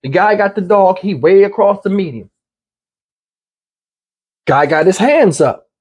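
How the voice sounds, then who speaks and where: Man, high voice, husky, blunt casual commentary, repeats himself. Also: measured pace, a little mellow. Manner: conversational, blunt, repeats points.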